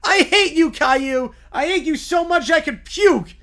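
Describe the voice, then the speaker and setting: A man's voice: very high voice, expressive, measured pace, fairly bright tone, heavily acted. A text-to-speech voice playing a male bear hockey fan who whines and wails over a loss. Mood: furious. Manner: wailing, petulant complaints. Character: whiny bear, sore hockey fan, throwing tantrums.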